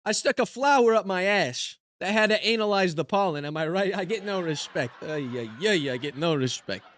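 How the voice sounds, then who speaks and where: A man doing an impression of a nervous, self-mocking stand-up comedian who delivers quick one-liners and keeps complaining that nobody respects him. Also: sits high, expressive, a bit bright, a little hiss or hum. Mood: hapless. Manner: self-deprecating one-liners with a recurring catchphrase. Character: nervous middle-aged male stand-up comic, self-mocking.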